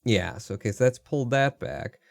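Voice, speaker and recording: A man's voice: medium pitch, normal speed, creaky, no room sound. A man hosts a live coding stream, thinking aloud in a mid-range voice as he works. He mutters to himself, trails off and swears freely whenever something breaks. Close and dry, with no room sound. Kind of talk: casual live coding commentary.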